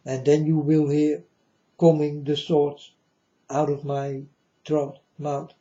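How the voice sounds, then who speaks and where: A man giving a preachy monologue to his viewers, halting often and grandly addressing them as folks. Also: a little high, completely flat delivery, mellow. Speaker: self-styled preacher vlogger. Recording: dull lo-fi recording.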